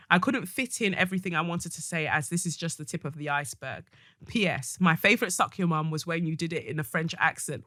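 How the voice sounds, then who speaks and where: A woman's voice: low-pitched, sharp tone, no room sound, studio quality. Blunt, fiery woman podcast host. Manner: blunt, passionate, comic ranting. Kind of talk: solo podcast monologue, reading a listener letter.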